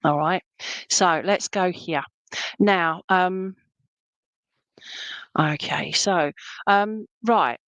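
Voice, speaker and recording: A woman giving a live psychic reading, her voice sitting a little low. She talks in a chatty, reassuring way and keeps checking in with her listener. The sound is dry and close, with hardly any room around it. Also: drawn-out words, pauses often, fairly bright tone, no room sound, dull audio. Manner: chatty, relays messages and checks in with "okay?" and "all right?". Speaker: psychic medium.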